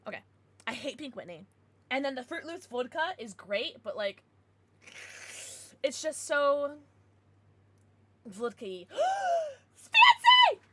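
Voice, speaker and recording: A young adult woman streamer chatting casually with her viewers, with excited outbursts. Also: sits high, slight background noise. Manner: chatty, answers viewers, bursts of excited squeals. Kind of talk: casual live-stream chat.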